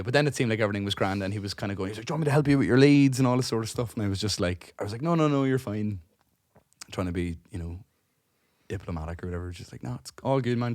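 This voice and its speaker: A man's voice: on the low side, dry recording, clean studio sound. A man, co-hosting a podcast, rambling through a long anecdote, swearing freely and acting out the other people's lines. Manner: rambling, swears a lot, acts out dialogue; restarts and trails off while telling stories. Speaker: podcast co-host. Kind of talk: casual chat, long anecdote.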